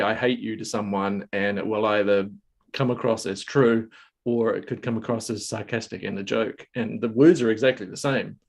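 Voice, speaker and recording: A man's voice: on the low side, vocal fry, slightly rough. A man hosting a casual group video call, talking thoughtfully with many fillers and restarts. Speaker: host. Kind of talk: casual panel discussion.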